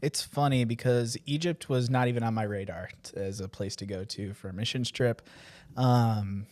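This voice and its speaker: A man's voice: mid-range voice, moderate pace. An American man casually telling about a church mission trip, with many fillers and restarts. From United States. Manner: relaxed storytelling, many fillers. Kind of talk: casual conversation.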